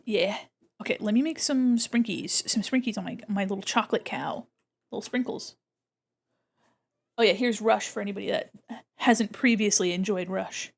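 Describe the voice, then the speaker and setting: A woman's voice: moderate pace, gravelly. A young woman chatting casually and playfully on her art livestream while she draws, talking into a desk microphone. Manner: playful, chatty, imitates her cats with squeaky noises. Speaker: art streamer.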